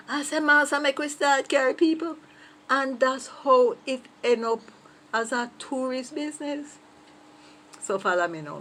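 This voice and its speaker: A Jamaican woman in the middle of her voice range tells a story in a chatty, playful way and keeps stepping aside to talk straight to the listener. A faint hiss of background noise sits behind her voice. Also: mid-range voice. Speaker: patois teacher. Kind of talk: casual storytelling in Jamaican patois.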